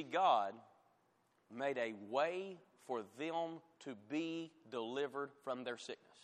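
A man preaching a sermon as pastor, rising loud on scripture and dropping to quiet, pointed asides. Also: mid-range voice. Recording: long hall reverb.

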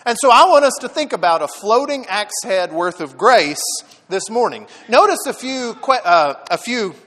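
A man preaching a sermon, telling the story with lively dramatic emphasis. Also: sits high, normal speed, big-room sound. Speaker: pastor.

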